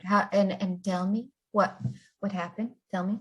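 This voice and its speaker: A woman's voice: medium pitch, steady tone, unhurried, a little mellow, husky. A woman hosting a talk show and playing along in improv comedy scenes, coaxing and playful, with lots of fillers and restarts. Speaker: host.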